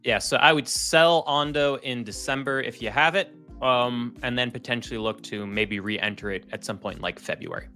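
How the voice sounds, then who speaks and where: A man's voice: mid-range voice, normal speed, few pauses, sharp tone, faint music behind. A man from Maine with a light Maine accent, co-hosting a casual crypto chat and joking around. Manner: joking, slips into folksy drawl. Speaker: co-host.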